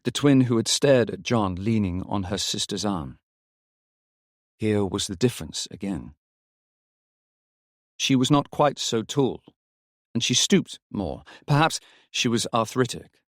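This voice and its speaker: A man's voice: on the low side, lively intonation, a little slow, pauses often, no room sound. Man narrating a story, dry and close. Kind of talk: scripted audiobook narration.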